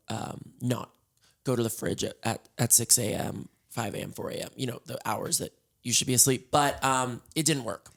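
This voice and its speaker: Tired, gravelly-voiced man rambling from bed. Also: medium pitch, a bit bright. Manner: rambling, scattered and self-mocking. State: hoarse. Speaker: podcast host. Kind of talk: solo casual chat. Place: in bed at home.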